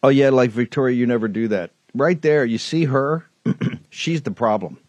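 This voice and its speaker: A man's voice: mid-range voice, normal speed, darkish tone, highs cut off, slight background noise. A man hosting a political talk show, ranting in a heated, rambling way with many restarts and asides. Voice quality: rambling, fired up, frequent restarts. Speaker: host.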